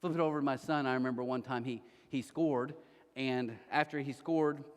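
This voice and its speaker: A man in his forties preaching a sermon in a church auditorium, telling stories in an animated way and acting out the quotes. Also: mid-range voice, moderate pace, big-room sound. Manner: animated storytelling, acts out quotes. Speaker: pastor.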